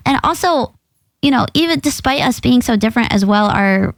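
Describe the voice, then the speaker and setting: A woman's voice: a little high, lively intonation, moderate pace, no room sound. A woman co-hosting a podcast, chatting casually in a playful, giggly, rambling way. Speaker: podcast co-host. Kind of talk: casual chat.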